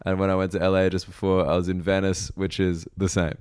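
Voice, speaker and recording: A man's voice: deep voice, little pitch movement, fast talker, a little mellow, clear, resonant tone, dry recording. An Australian man hosting a podcast, chatting and joking loosely with lots of fillers. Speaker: podcast host. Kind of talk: casual podcast interview.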